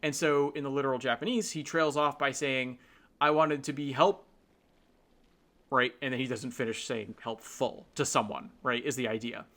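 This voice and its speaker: A man hosts a casual explanatory talk, thinking aloud with restarts and fillers and constantly checking in with his listener through tag questions. His mid-range voice is steady and fairly bright, a little fast, with hardly any pauses.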